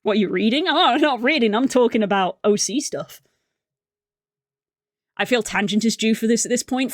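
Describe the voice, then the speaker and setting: A woman streamer chatting casually and excitably on a live art stream, rambling through tangents from a room at home. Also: fairly high pitch, normal speed, pauses often, no echo, clean studio sound. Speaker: livestreamer.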